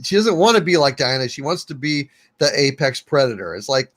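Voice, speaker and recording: A man's voice: medium pitch, very animated, fairly quick, a bit bright. A man co-hosting a casual podcast movie review, talking in a sarcastic, mocking way. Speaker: show co-host.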